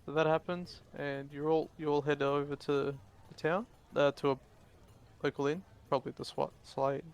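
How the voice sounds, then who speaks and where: A man narrating a tabletop game as dungeon master, casual and halting, restarting his sentences often. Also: fairly high pitch, fairly even intonation, clean tone.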